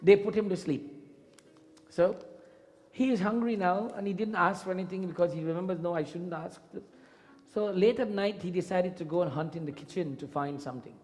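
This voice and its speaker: A man's voice: sits high, brisk, soft background music. A man giving a sermon as a temple priest, telling a story and acting out its voices. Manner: lively storyteller who acts out the story voices. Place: temple hall. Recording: long reverb in a temple hall.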